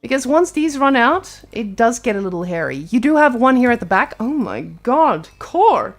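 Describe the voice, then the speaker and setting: A woman's voice: a little high, lively intonation, a little fast. A woman casting a live strategy game match, playful and joking. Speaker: esports caster.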